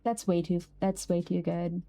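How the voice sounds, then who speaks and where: A young woman streaming a game, chatting casually with viewers, laughing easily and jumping up high when something amuses her. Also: steady tone, normal speed, mellow, soft background music. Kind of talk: casual live-stream chat.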